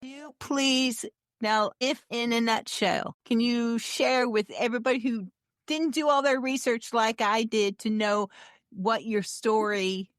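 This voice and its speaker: Woman podcast host, higher voice, slow unhurried delivery, enthusiastic, dry sound. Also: fairly even intonation, no echo. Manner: enthusiastic, warm encouraging interviewer. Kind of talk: casual interview chat.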